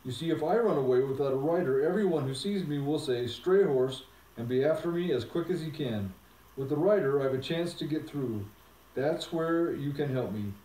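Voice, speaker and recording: A proud, lordly talking war horse, as a man reads him aloud lectures in a brisk, scornful way. The voice is mellow and warm. It echoes in a roomy space, caught from some distance off the mic. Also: fairly high pitch, lightly acted. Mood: persuasive.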